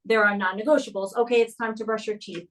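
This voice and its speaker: Calm woman therapist explaining, off-mic. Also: on the high side, fast talker, recorded from a distance. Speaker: early childhood therapist. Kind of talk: conversational interview answer.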